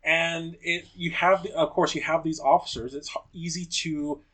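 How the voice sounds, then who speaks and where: A man's voice: a little high, fairly even intonation, normal speed, pushed and bright. A man co-hosting a podcast in casual chat, thoughtful and explanatory, often agreeing. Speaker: podcast co-host.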